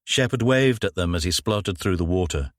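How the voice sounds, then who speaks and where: A man narrating an audiobook crime thriller in a measured, even way on a close mic. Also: deep voice, no echo. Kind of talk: scripted narration.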